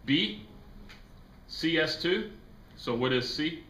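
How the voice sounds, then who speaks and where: Guy teaching chem to a class, bright sharp voice, echoey room w/ faint hiss. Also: fairly high pitch, animated, slow. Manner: casual, jokey, quizzes the class. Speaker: chemistry teacher. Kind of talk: classroom lecture.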